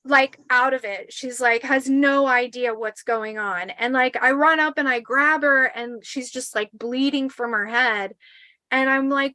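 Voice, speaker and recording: A woman in her forties telling a spooky personal story in a casual, animated way, swearing and acting out the quotes. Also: high-pitched, measured pace, no room sound, rough recording.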